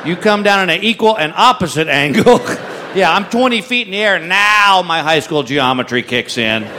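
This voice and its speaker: A man's voice: high-pitched, expressive, normal speed. A middle-aged man doing stand-up, telling self-mocking stories and laughing at his own jokes. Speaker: stand-up comedian. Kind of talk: stand-up comedy routine. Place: large venue with a live audience. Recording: live crowd noise, loud ambience.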